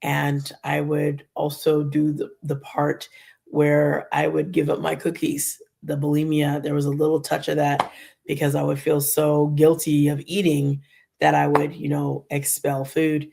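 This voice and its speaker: A woman's voice: low voice, monotone, a little slow, gravelly, mellow, a little hiss or hum. A middle-aged woman talking in a rambling, conversational way as she shares a candid personal faith testimony on her channel. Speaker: Christian vlogger.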